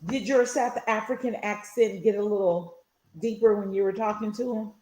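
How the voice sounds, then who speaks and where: A woman's voice: medium pitch, fairly even intonation, moderate pace, a crowd in the background, low-quality recording. A middle-aged woman co-hosting a podcast, chiming in with short, supportive remarks. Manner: supportive, brief reactions. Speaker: podcast co-host. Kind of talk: casual chat.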